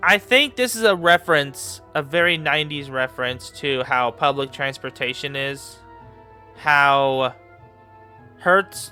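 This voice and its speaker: Rambling bright-voiced man reacting to a trailer. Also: medium pitch, measured pace, soft background music. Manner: rambling, filler-heavy, repeats himself; gets excited and laughs easily. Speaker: YouTube commentator. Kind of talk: casual reaction commentary.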